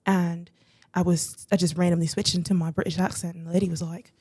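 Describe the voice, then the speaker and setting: A woman's voice: lowish voice, flat delivery, a little fast, a little mellow, husky. A young woman telling stories as a guest in a casual podcast chat. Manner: chatty storyteller. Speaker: guest singer.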